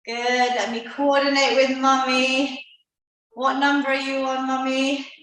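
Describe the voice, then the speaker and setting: A woman fitness instructor leads a live online workout class for seniors from an indoor room, encouraging everyone and counting down reps. Her voice sits high with little pitch movement, unhurried and a bit bright. The room is very echoey and she is far from the mic.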